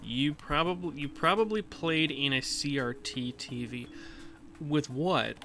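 A man's voice: on the high side, measured pace, sharp tone. A man casually commenting while he plays a video game, chatty and swearing now and then while answering chat. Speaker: let's play streamer.

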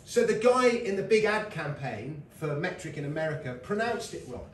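A man's voice: a little high, big pitch swings, normal speed, slight background noise. A middle-aged British man giving a comic lecture, telling stories with asides and laughs. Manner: chatty storytelling with laughs and asides. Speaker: lecturer and comedian. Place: lecture hall with live audience. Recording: roomy hall mic from a distance.

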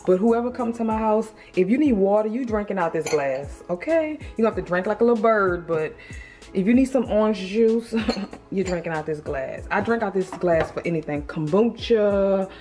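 A woman's voice: medium pitch, normal speed. A woman of thirty chatting casually and expressively to her viewers in a vlog from her apartment. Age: 30s. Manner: expressive, animated, talks straight to viewers. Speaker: lifestyle vlogger. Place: apartment room. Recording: roomy echo with music behind.

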